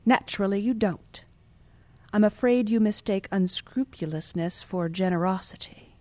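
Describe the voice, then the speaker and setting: A woman voicing a scornful gentleman who speaks with cutting disdain. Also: medium pitch, moderate pace, no echo, natural voice. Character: scornful, sneering gentleman husband.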